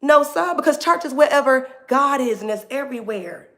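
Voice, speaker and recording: Woman, livestream faith talk host, casual preaching, fried gravelly voice, lively and preachy. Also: high voice, normal speed. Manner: animated, preachy, calls listeners "baby".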